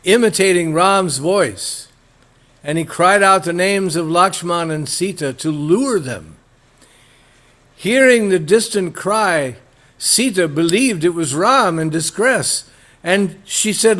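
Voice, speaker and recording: A man giving a storytelling religious lecture, halting with fillers and acting out characters. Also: high-pitched, expressive, fairly bright tone.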